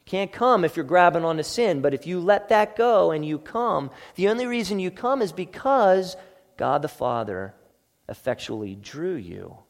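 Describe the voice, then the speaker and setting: Male pastor, sermon; earnest, emphatic, higher voice, echoey hall. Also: lively intonation, normal speed, gravelly.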